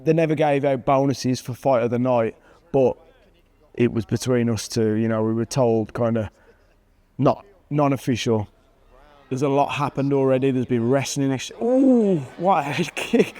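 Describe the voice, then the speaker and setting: A man in his thirties talks over fight footage in a relaxed, casual way. His voice sits at a middling pitch with a warm, mellow tone. He chuckles at himself often and breaks into excited bursts at the big moments. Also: moderate pace. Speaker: MMA fighter and channel host.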